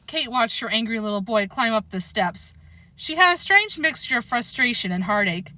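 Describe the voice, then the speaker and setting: A woman narrates a story in a bright, fairly high voice and reads it with lively expression. The recording is dry and close-miked, with no echo around her. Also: moderate pace. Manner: expressive read-aloud, acting out the characters' lines. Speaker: storybook reader.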